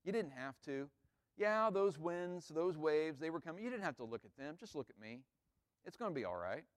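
A man voicing Jesus as a gentle, reassuring grown man within a sermon, speaking softly. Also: high-pitched, normal speed, natural voice. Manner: soft, comforting.

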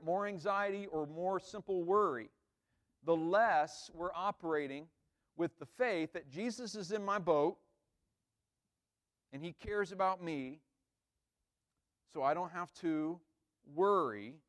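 A man preaching a sermon in a conversational way, often checking in with "right?" and acting out quoted lines. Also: fairly high pitch. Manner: acts out the disciples' lines with rising emphasis. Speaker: pastor.

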